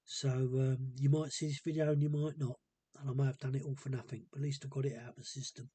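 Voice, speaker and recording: A man talking casually to camera in a hesitant, rambling and subdued way, with a gravelly, husky voice. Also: mid-range voice, level tone, fast talker, mellow, no room sound. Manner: hesitant and rambling, many ums. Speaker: vlogger. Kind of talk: casual personal monologue.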